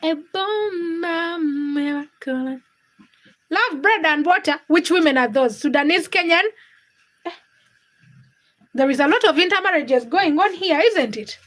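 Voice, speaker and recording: A woman's voice: sits high, expressive, moderate pace, pauses often, fairly bright tone, poor audio. A woman hosting a casual livestream from her home kitchen, reading viewer comments and teasing her chat while she cooks. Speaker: livestream host.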